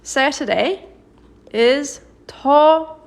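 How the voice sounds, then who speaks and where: In a high-pitched voice with vocal fry, a Korean language teacher delivers a live-streamed grammar lesson. Her manner is patient and encouraging; she praises viewers by name and takes example sentences slowly to model them.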